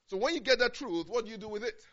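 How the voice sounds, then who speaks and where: High-voiced preacher, loud then hushed. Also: male voice, expressive, quick pace, dull audio. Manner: swings from loud urgent declaring to low quiet speech. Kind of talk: sermon.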